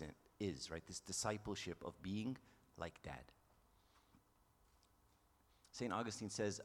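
A man giving a conversational sermon. He keeps checking in with "right?" and sometimes drops to a soft whisper for emphasis. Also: low voice. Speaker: priest or preacher. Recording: long hall reverb.

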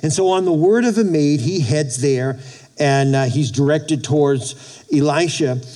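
A male preacher with a mellow, warm voice pitched a little high tells a story from the pulpit. He speaks haltingly, repeats words and plays out the characters' lines himself. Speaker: pastor. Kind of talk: sermon.

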